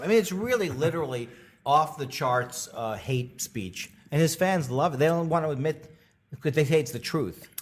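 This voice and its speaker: A middle-aged male comedian telling stories as a podcast guest, animated and full of restarts. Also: moderate pace. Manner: animated, many restarts, bursts into high character voices. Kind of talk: storytelling conversation.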